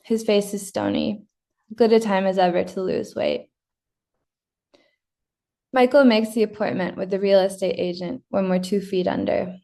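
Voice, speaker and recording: A woman giving a measured, deliberate reading of her own first-person literary fiction. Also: medium pitch, vocal fry, dark tone. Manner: measured, deliberate reading with occasional slips and restarts. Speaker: prize-winning fiction writer reading her story.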